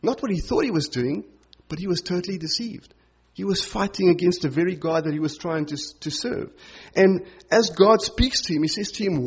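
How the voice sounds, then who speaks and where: A man's voice: high-pitched, animated, normal speed, husky, muffled recording. A man preaching a conversational Bible-teaching sermon, explaining things informally with lots of "sort of" and "you know".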